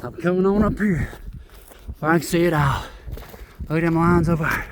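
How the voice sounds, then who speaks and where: A man talking outdoors into a handheld phone, excitedly and insistently pointing things out as he walks up a hill. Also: on the high side, measured pace, pauses often, background noise. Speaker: vlogger. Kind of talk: casual filmed commentary.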